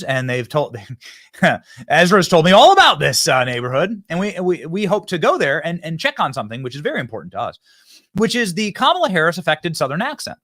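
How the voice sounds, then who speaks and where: A man's voice: high voice, fairly bright tone, no echo, clean studio sound. A man hosting a political talk show, loose and joking, who chuckles between questions. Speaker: host.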